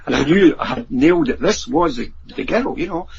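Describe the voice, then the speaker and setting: Scottish guy spinning paranormal yarns, lively, slightly high voice, muffled sound. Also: brisk, gravelly, slight background noise. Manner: animated anecdotes acting out quoted voices. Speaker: guest author and paranormal researcher. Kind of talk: storytelling in a podcast interview. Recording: dull lo-fi audio.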